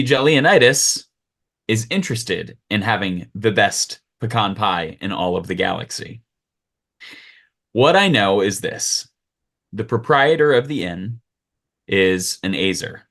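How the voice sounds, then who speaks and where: A low-voiced man running a tabletop fantasy game as game master. He sets each scene in a relaxed, storytelling way.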